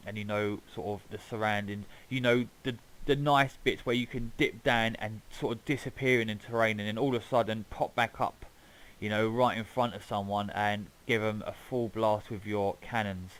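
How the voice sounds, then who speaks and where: A man with a somewhat low voice talks through a flight game in a loose, rambling way. He chats casually to his viewers and drops the odd swear word. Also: low-quality recording. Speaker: gaming YouTuber. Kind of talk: casual gameplay commentary.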